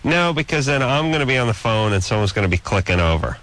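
A middle-aged man hosting a radio show, talking in sarcastic, ranting banter and dropping quick comic impressions. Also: mid-range voice, very animated, a bit bright.

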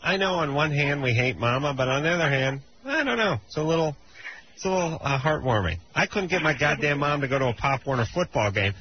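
A man hosts a late-night radio advice show in a mid-pitched voice, blunt and quick with crude jokes. The broadcast sound is muffled and dull, with a faint hiss under it. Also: animated. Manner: blunt, wisecracking, crude humor. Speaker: radio call-in advice host. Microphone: studio broadcast mic.

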